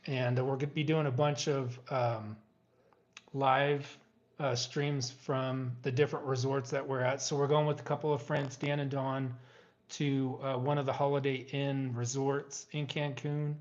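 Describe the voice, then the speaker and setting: A middle-aged man hosting a casual live stream from home, talking in a halting way with many fillers. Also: mid-range voice, little pitch movement, highs cut off.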